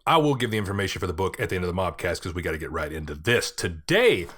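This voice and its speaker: A man's voice: low voice, big pitch swings, fast talker, a bit bright. A man hosting a casual solo podcast, talking in a joking, rambling way and swearing now and then. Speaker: podcast host.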